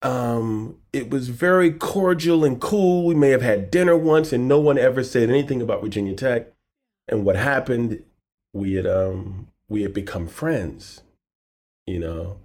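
A man's voice: mid-range voice, unhurried. A middle-aged man, a poet and author, telling a personal story in a podcast interview and acting out the quoted lines. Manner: animated storyteller acting out quotes, softening in sad moments.

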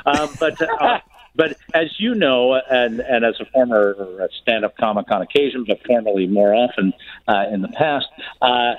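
A man with a Canadian accent, an actor and comedian guest, telling stories on the radio in an animated way. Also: medium pitch, normal speed, muffled recording. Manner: animated storyteller. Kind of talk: casual radio chat.

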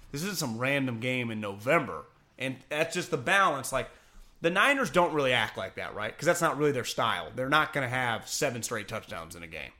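A man talking sports in a casual, rambling, animated way, laughing and swearing as he goes. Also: medium pitch.

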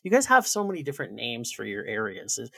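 Canadian guy on a podcast, gravelly voice, super dry close mic, joking and sarcastic. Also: mid-range voice, huge pitch swings, fast talker, pushed and bright, no echo. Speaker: podcast guest. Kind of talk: casual chat.

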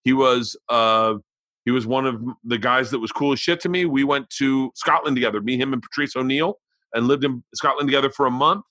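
A comedian in his forties hosts his podcast in a loose, swearing, animated storytelling voice that often sounds exasperated. His tone is bright and forceful, and it sits dry and close to the mic at an average pitch. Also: brisk, no echo. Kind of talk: casual storytelling and ad read.

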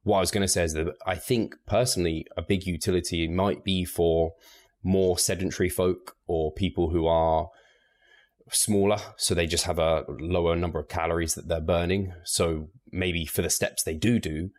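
A man, a guest on a podcast, talking in a relaxed, measured way with light laughs. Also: deep voice. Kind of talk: casual podcast interview.

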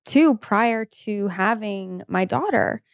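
A woman's voice: mid-range voice, animated, slow, no room sound, studio quality. A woman co-hosting a podcast, speaking in an earnest, supportive way and talking openly about personal experience. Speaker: podcast co-host. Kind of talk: conversational interview.

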